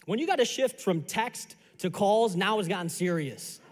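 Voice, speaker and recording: High-voiced male pastor in a reverberant hall. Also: moderate pace. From Chicago area. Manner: animated, conversational storytelling with repeated phrases. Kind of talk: storytelling sermon. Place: church sanctuary.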